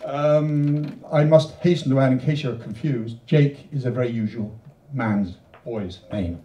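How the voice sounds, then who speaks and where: A Welsh male poet introduces and reads his own rhyming poems, chatty in the asides and rhythmic in the verses, in a literature venue hall. His mid-range voice is dark and a little slow. The roomy, distant-mic recording sounds muffled, with a little hiss or hum.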